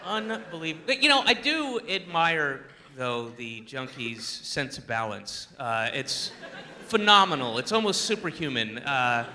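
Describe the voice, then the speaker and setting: Bright, animated stand-up comic man. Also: mid-range voice, a little slow, a little hiss or hum. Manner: animated, incredulous, rambling asides. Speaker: stand-up comedian. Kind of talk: stand-up comedy. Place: comedy stage before a live audience.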